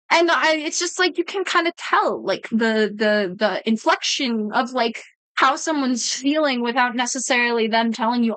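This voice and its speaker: A woman's voice: on the high side, expressive, normal speed, bright, forceful tone, clear, resonant tone, no room sound, poor audio. A woman streamer chatting casually with her viewers, rambling, swearing freely and often breaking off mid-sentence. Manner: rambling, profane, self-interrupting. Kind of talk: casual livestream chat with viewers.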